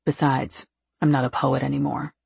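A woman voicing a quiet, brooding man with a husky, gravelly voice and terse delivery. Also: a bass voice, little pitch movement, moderate pace, pitched below the performer's own voice, full character voice. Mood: curt.

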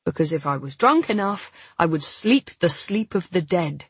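A woman narrating a first-person novel, reading at a measured pace and voicing the dialogue. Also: fairly low pitch, expressive, slightly rough, dry recording. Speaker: audiobook narrator.

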